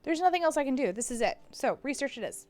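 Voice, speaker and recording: A young woman streamer reading a story game aloud on a live stream, playful and lively. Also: sits high, quick pace.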